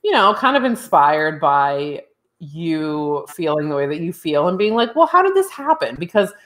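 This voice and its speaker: Casual podcast co-host: young woman, lowish voice, frank, chatty, easy laughter. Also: very animated, normal speed. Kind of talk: casual chat.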